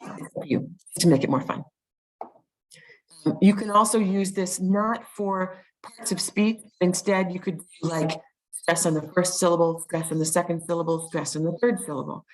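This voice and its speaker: A woman's voice: lowish voice, fairly even intonation, moderate pace, poor audio. A woman presenting an online teaching webinar, explaining step by step with frequent ums and restarts, on a video call mic.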